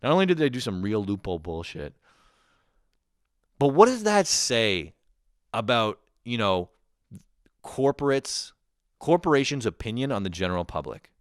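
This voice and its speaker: A man in his 30s, hosting his own podcast, goes on an exasperated, foul-mouthed comedic rant and acts out imagined quotes. His mid-range voice is smooth and sing-song, with a moderate pace and long pauses. There's no echo, and the audio is studio quality.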